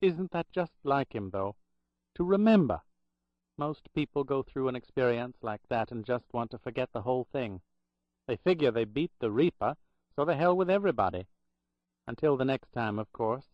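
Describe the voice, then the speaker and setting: A man's voice: medium pitch, animated, moderate pace, dry recording, lo-fi sound, natural voice. A man voicing a chatty, portly woman hospital clerk with a Boston accent, gushing and gossipy.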